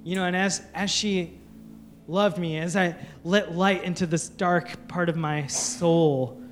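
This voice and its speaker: A man with a notably high voice preaches in a conversational, open way, often restarting his sentences. He is a pastor delivering a sermon to his church. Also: steady tone, slow pace.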